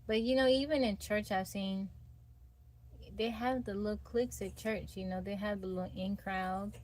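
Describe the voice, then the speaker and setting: A woman's voice: mid-range voice, steady tone, moderate pace, darkish tone. A woman hosting a livestream, chatting casually with viewers and reading out their comments. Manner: laid-back, laughing, reads out and greets chat. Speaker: livestream host. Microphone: phone.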